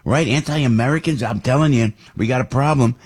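An older man, hosting a talk radio show in an animated, rambling way with big jumps up in pitch. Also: a little fast, husky. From New Jersey. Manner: rambling and nostalgic.

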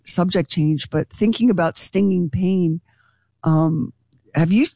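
A woman's voice: fairly low pitch, no room sound. Gossipy woman radio host, dry studio sound. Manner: gossipy and animated, quick asides. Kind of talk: casual radio chat.

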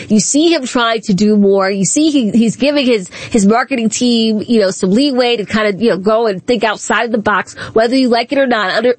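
A woman's voice: on the high side, no echo. A woman hosting a talk radio show, chatting in an emphatic, conversational way.

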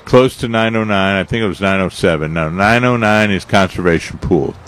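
A man co-hosting a radio gardening show in casual chat, talking haltingly with many fillers and restarts. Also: deep voice, fairly bright tone.

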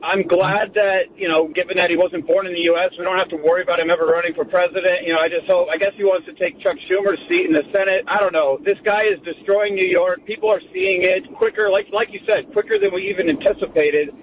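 A man's voice: sits high, quick pace, hardly any pauses, lo-fi sound, slight background noise. A man calling in to a radio show, giving blunt opinions. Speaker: caller. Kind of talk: call-in radio chat.

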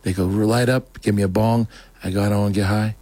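A man telling a personal testimony as a talk show guest, rambling and excitable, acting out what others said. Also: quick pace, no echo. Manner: rambling, excitable, acts out quotes in a higher voice. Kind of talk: casual storytelling.

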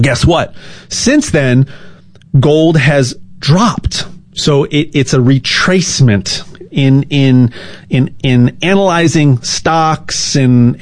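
Animated rambling man with a higher voice. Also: dry recording. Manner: animated, rambling, repeats and restarts words. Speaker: show host. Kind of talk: casual monologue with a sponsor pitch.

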